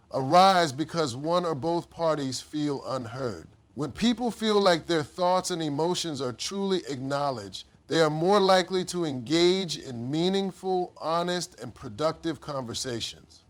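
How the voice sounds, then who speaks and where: A man giving a scripted motivational speech, his voice a little higher than most men's. He speaks in a measured, deliberate way, stressing key words and letting each sentence sink low and quiet at its close. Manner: measured delivery, dropping low at sentence ends.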